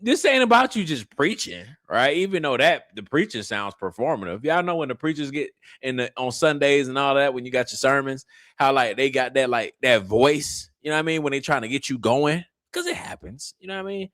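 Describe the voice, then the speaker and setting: A man hosts a casual reaction commentary, teasing and mocking in loose, slangy, animated talk. His voice is medium-pitched and brisk, captured in a dry, clean studio recording.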